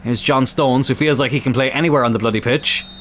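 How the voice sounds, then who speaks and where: A young man with a sore throat commentating on his football video game, calm between plays and shouting and swearing at goals. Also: mid-range voice, fast, slight background noise. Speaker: gaming YouTuber.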